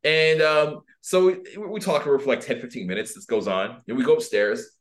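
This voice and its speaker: Animated guy telling a story on a podcast, tons of "like"s, acts out little voices. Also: medium pitch, a little fast. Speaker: dating and personal development coach, guest. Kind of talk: casual storytelling.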